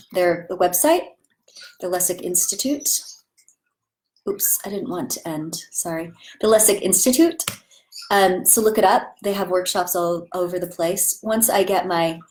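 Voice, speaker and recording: A woman's voice: fairly low pitch, darkish tone, rough recording. A woman acting teacher talking casually and with enthusiasm about voice training, demonstrating vowel sounds as she goes.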